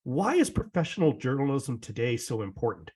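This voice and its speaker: Male podcast host from Canada, upbeat and a bit breathless, stumbles over words, very lively pitch. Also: fairly quick. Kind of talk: casual interview chat.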